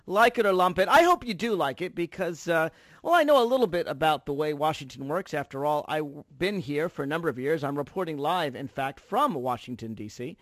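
A man's voice: on the high side, lively intonation, fairly quick, no echo. A man hosting a political talk radio show, delivering an emphatic, sarcastic monologue from a studio.

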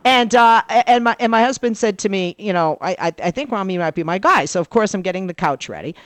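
A political commentator appearing as a guest on talk radio tells a lively story, her mid-range female voice swinging widely in pitch as she acts out the voices of those she quotes. She talks fairly quickly, and the sound is close and dry with no echo or room around it.

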